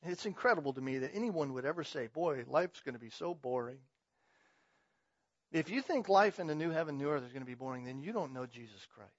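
A middle-aged male pastor preaching a sermon, swinging from loud emphatic declarations to quiet, conversational asides. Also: fairly high pitch, animated, fast talker, hardly any pauses, dry recording. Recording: dull, slightly muffled, dry sound.

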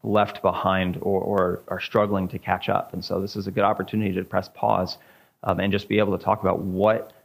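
A man, a pastor, leading an informal church teaching and discussion, talking haltingly with many ums and repeated words. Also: deep voice, gravelly.

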